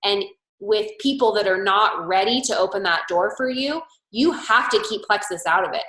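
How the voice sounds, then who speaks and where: A woman with a bright, forceful voice coaching her sales team on a call. She talks in a chatty, storytelling way and acts out the back-and-forth of past conversations. The sound comes through with a noticeable echo of the room around her. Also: mid-range voice, moderate pace. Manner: chatty storytelling, acting out quoted dialogue. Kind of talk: motivational sales coaching talk.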